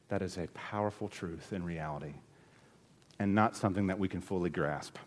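A man preaching a sermon as pastor, emphatic, with sharp rises and drops in his delivery. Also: sits low, moderate pace, in a large hall.

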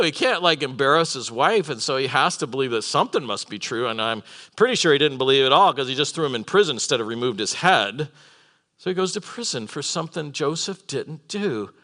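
Bright-voiced man preaching a lively sermon. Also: fairly high pitch, a little fast. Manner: animated storytelling, acts out characters. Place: conference hall with live audience.

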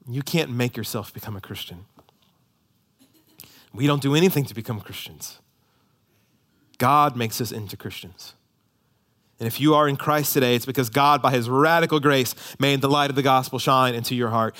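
Man, pastor, thirties, sermon, mid-range voice, loud peaks and hushed lows. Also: normal speed. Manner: dynamic preaching, swinging from loud emphasis to hushed near-whispers.

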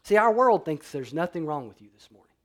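A man pastor preaching a sermon, swinging between loud emphatic declarations and quiet, low-voiced passages. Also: very animated, a little fast.

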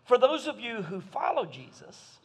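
Folksy pastor, higher voice. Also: male voice, sing-song, moderate pace, husky. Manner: folksy, conversational. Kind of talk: sermon.

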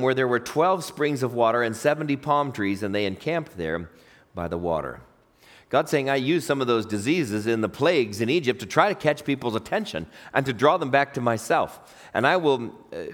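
A man's voice: medium pitch, in a large hall. A man preaching a sermon, reading scripture and asking his listeners questions. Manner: lively, questions the congregation. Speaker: pastor.

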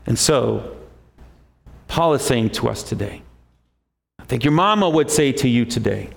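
A man preaching a sermon, emphatic, rising often to a high, forceful pitch. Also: animated, a little slow, gravelly, long pauses. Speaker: pastor.

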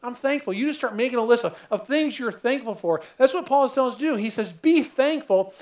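High-voiced preaching man. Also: expressive, brisk, darkish tone. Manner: earnest preaching, repeats phrases, stammered starts. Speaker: pastor. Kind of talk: sermon.

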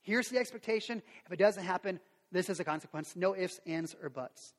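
A middle-aged man preaching a sermon as a pastor, animated, acting out quotes and sound effects. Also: sits high, brisk. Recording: long reverb of a large hall.

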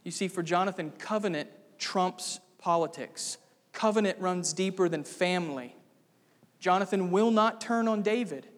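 A man preaching an expository sermon as pastor, emphatic, with sudden dramatic rises in pitch and volume. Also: moderate pace. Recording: long hall reverb.

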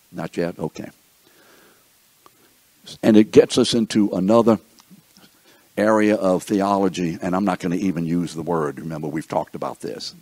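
A man's voice: sits low, a little mellow, slightly rough, no room sound. A man teaching a Bible study class, thinking aloud and often checking that the class is following. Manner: thinks aloud, with restarts and asides.

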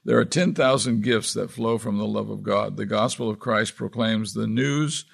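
A man's voice: lowish voice, moderate pace, creaky, slightly rough. A man preaching a sermon as pastor, earnestly reading and explaining scripture verse by verse.

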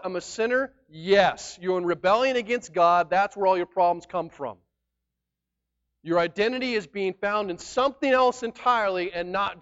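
A man preaching a sermon as pastor, emphatic and conversational, swinging between loud declarations and quiet asides. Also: high voice, lo-fi sound.

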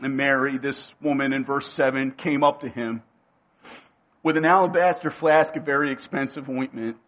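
A male preacher giving a sermon. He speaks emphatically, repeats key phrases and slows down to give them weight. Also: medium pitch, steady tone, a bit bright.

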